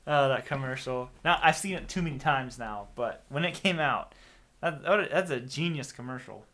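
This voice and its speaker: A man's voice: medium pitch, lively intonation, moderate pace. A man hosting a casual guitar live stream, rambling and self-deprecating as he reads out viewer comments. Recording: loud guitar music over the voice. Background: loud guitar playing.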